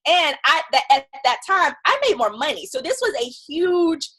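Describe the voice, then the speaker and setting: A woman guest on an interview show, telling her story in a chatty, animated way and acting out what others said. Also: high-pitched, moderate pace. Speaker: guest entrepreneur.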